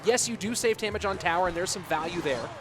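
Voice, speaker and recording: An American man calls a live video game match, with a high, light voice. He chats loosely with his viewers between plays, and music runs steadily behind him. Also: fast talker. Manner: chatty, reads and answers viewer chat. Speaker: esports caster. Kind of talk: live esports commentary with chat banter.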